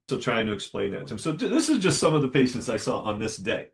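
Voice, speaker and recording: A man, a dentist hosting a podcast, telling a story alone and acting out the dialogue with lively shifts of voice. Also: mid-range voice, quick pace, hardly any pauses. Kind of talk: solo storytelling monologue.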